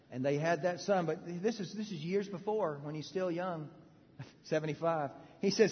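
A high-pitched male preacher delivers a lively, joking sermon, jumping from loud outbursts to near-whispers and back. His voice rings out with a long hall reverb. The sound is dull and lo-fi, as if from an old live recording. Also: normal speed. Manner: animated preaching with sudden loud bursts and hushed drops; joking, conversational asides to the audience. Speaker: pastor.

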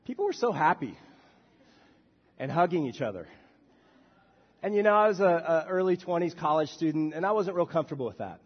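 A man preaching a sermon as a minister, swinging from soft, quiet passages to loud shouted bursts. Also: on the high side, expressive, a little fast, pauses often, slightly rough, big-room sound, highs cut off. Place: church sanctuary.

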